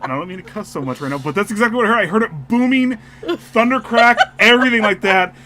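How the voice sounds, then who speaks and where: A man's voice: high-pitched, quick pace. A man co-hosting a podcast, telling a story in casual chat and laughing often. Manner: animated storyteller, laughs a lot. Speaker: podcast co-host.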